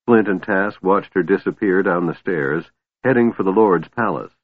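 A man narrating an audiobook in a measured storytelling voice. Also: low-pitched, slightly rough, dry recording. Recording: tinny phone-like line, dry.

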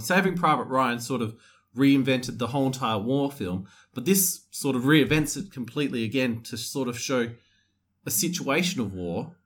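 A man's voice: medium pitch, a bit bright, husky. Earnest man reviewing a film. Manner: earnest, listing and building points. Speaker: podcast co-host. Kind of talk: casual movie review chat.

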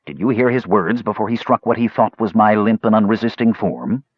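A man voicing a frail young male mage who talks in a soft, whispering, cool way. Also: fairly low pitch, fairly quick, slightly rough, no echo, lo-fi sound. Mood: cold.

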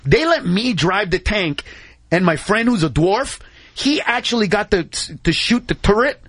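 Male comedian guest, high-pitched, rapid-fire storytelling, slangy, dry close mic. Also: husky, dry recording. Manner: excitable, says dude and bro a lot, acts out voices. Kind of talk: animated anecdote telling on talk radio.

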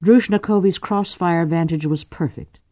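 A man narrating a novel in a measured, dramatic audiobook reading. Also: on the high side, dark tone, dry recording. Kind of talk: scripted narration.

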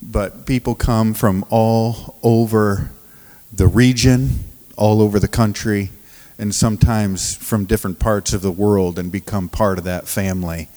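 A man preaching as a pastor of a recovery ministry, telling stories from the pulpit in a halting, restarting way and often laughing as he talks. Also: fairly low pitch, steady tone, a little mellow, long reverb tail. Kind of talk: sermon with storytelling. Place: church sanctuary.

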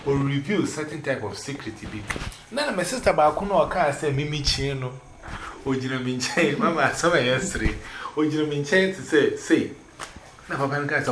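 A man's voice: fairly high pitch, moderate pace, a little hiss or hum. A man with a Ghanaian accent, casually telling a long personal story and switching between English and Twi, voicing others in raised tones. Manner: animated, quotes others in raised voices. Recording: roomy echo.

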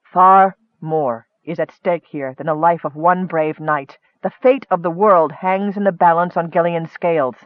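A man voicing a frail, sickly young male mage who speaks in grim, hushed tones. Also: on the high side, fairly even intonation, unhurried, few pauses, no room sound, narrow, tinny audio, natural voice. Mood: grave.

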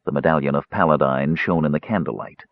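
A man reading a fantasy audiobook with an expressive, varied delivery. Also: a bass voice, quick pace, dry recording. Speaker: audiobook narrator. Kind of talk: scripted fantasy narration. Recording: slightly dull audiobook recording.

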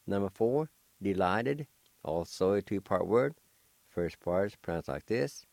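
A man teaching a language lesson on the radio, spelling words out slowly and carefully, letter by letter, in a patient way. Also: sits low, animated, gravelly, a little mellow, no echo. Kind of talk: slow spelling and pronunciation lesson.

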